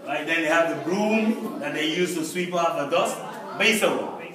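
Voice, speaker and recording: Man, guest teacher, slightly high voice, patient repetition, distant mic. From Belize. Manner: explains slowly, repeats words for learners. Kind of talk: classroom teaching of vocabulary. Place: classroom with a group of learners. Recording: echoey classroom, mic far off. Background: class chatter.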